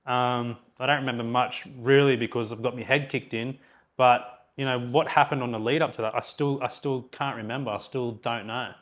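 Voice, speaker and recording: A man's voice: medium pitch, fairly even intonation, normal speed, a bit bright. A young Australian man co-hosting a podcast, telling his own story in blunt casual chat and swearing often. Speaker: podcast co-host.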